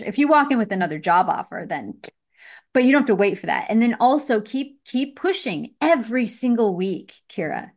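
Direct, encouraging woman coach. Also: medium pitch. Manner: direct, encouraging, animated emphasis. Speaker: business coach. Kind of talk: live group coaching call.

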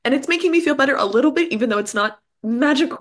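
A woman's voice: high voice, animated, racing. A woman guest in a casual chat. She talks with lots of likes and ums and laughs often.

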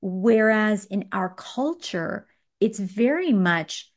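A woman hosting a conversational coaching chat about money. She talks in an animated, emphatic way and laughs often. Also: medium pitch, slow, creaky.

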